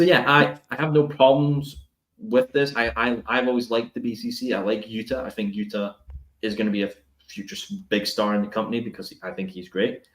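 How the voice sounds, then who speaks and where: An animated man with a fairly low voice, co-hosting a casual podcast chat. He lays out his ideas step by step in an opinionated way. His voice rings with a noticeable room echo. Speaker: podcast co-host.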